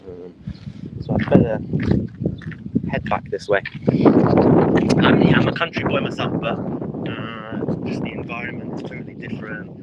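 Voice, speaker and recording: A man's voice: on the low side, fairly even intonation, a little slow, pauses often, lo-fi sound, heavy background noise. A man from the United Kingdom livestreaming as he walks outdoors through a rural mountain village, chatting casually with lots of fillers and restarts. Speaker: travel vlogger livestreaming.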